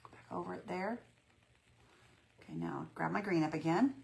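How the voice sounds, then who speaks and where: Lady doing a live craft paint stream, low gravelly voice, chatty, says y'all a lot. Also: normal speed, darkish tone. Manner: chatty, folksy, greets viewers by name, self-reassuring. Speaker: craft livestream host. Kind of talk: casual live painting tutorial.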